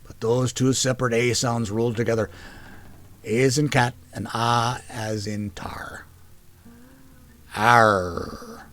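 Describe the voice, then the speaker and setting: A man's voice: medium pitch, flat delivery, brisk, few pauses, natural voice. A man voicing a patient older brother, a soldier, who explains pronunciation like a tutor. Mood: patient, teaching.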